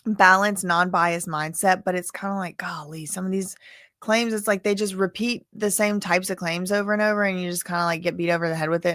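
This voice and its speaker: A Louisiana woman livestreams about court cases, rambling casually and addressing her viewers directly. Her mid-range voice is a bit bright, recorded in clean studio sound with no room sound.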